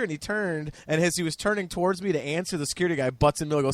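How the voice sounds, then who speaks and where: A man telling excited, profane, rambling stories in a casual podcast chat. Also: a little high, very fast, few pauses, no echo. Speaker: podcast guest.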